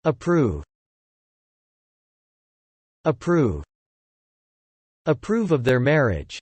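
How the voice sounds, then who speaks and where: Vocabulary narrator, very slow, deliberate, breathy, dry close sound. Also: medium pitch, sing-song, a little mellow, dry recording. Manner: deliberate, says each word twice then a short phrase. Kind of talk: slow word-list reading for learners.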